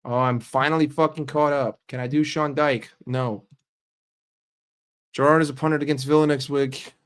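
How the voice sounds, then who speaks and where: A man hosting a casual live stream and bantering with his chat in an animated, profane way. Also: a little high, normal speed, clear, resonant tone. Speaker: livestream host.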